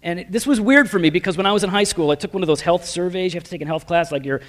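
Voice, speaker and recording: A man's voice: high voice, very fast, a bit bright. A man preaching his personal testimony in a casual, self-deprecating storytelling way, full of slang fillers. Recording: long reverb of a large hall.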